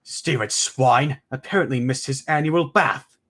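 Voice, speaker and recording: A man's voice: mid-range voice, measured pace, a bit bright. A man voicing an arrogant wealthy young man who speaks in a smug, condescending way.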